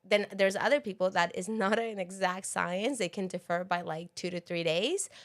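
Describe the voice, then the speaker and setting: A woman co-hosting a podcast in casual chat, animated and laughing often. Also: medium pitch, normal speed. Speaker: podcast co-host.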